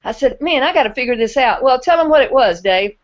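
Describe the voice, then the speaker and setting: A woman's voice: high-pitched, animated, fast. A woman hosting a web hangout, talking in a chatty, friendly way. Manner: friendly, chatty, Southern-style speech. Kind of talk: casual chat. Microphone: video call. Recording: muffled web call audio.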